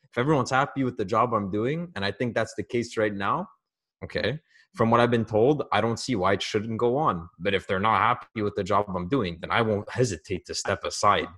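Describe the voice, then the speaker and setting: A man's voice: fairly low pitch, a little fast, fairly bright tone. A man co-hosting a casual sports podcast, chatty and sarcastic, with lots of "like" fillers. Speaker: podcast co-host.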